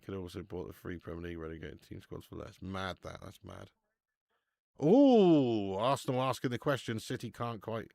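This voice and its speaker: A man's voice: sits low, fairly even intonation, fast talker, gravelly, hardly any pauses, no room sound. A man hosting a live football watch-along, chatting casually, swearing and reading out viewer messages.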